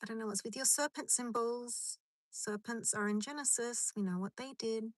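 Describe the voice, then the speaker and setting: A woman's voice: on the high side, normal speed, no room sound. A woman chatting on a live stream from her car in a rambling, chatty way, answering comments as they come in. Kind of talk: casual live stream chat.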